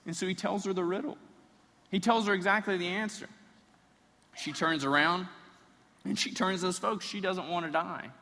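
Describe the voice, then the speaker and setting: A man preaching a sermon, retelling a story in an animated way with playful asides. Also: high voice, normal speed, pauses often. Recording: reverberant hall.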